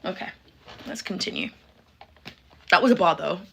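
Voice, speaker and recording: A woman's voice: lowish voice, huge pitch swings, moderate pace, creaky, breathy edge. A young woman doing casual reaction commentary, sassy and exclaiming, talking straight to her viewers. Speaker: YouTuber reacting to a video.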